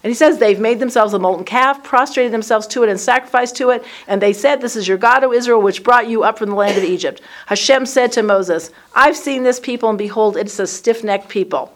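A woman's voice: on the high side, fairly quick, few pauses. A woman teaching a conversational Bible study class to a group, acting out the dialogue in the text as she explains it. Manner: lively, acts out the dialogue in the text.

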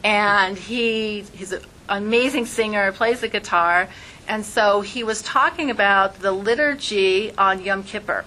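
A woman leading an informal religious class in a bright, forceful voice. She teaches with lively flair and slips into little acted voices for examples, over a faint hum behind her. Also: medium pitch, measured pace, low-quality recording. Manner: lively, acts out voices in quotes.

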